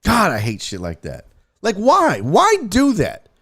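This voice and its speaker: A man's voice: sits high, wildly swooping pitch, measured pace, a bit bright. Profane, exasperated man ranting live. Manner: mocking sing-song impressions in quotes. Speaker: sports show host. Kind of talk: live-streamed sports rant.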